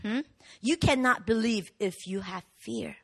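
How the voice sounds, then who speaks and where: A woman pastor preaching a sermon, animated and rising to shouts in the swells of her message. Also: a little high, measured pace, gravelly, husky. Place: church hall.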